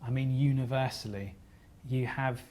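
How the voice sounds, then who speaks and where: A man's voice: medium pitch, steady tone. Earnest man giving a seminar talk. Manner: earnest, halting, with frequent restarts; gently apologetic. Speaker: seminar speaker.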